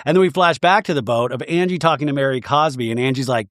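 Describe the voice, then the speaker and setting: A man hosting a comedic reality TV recap, sarcastic and animated. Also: medium pitch, fast, few pauses, dry recording, clean studio sound. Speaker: podcast host.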